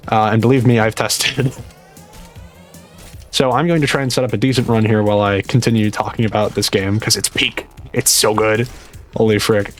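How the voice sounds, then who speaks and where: Young guy mumbling quiet game commentary late at night, retainer in, kinda muffled, faint music behind. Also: lowish voice, fairly even intonation, moderate pace. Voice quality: slightly muffled speech from a dental retainer. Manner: quiet, rambling, self-mocking. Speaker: gaming YouTuber. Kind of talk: live gameplay commentary.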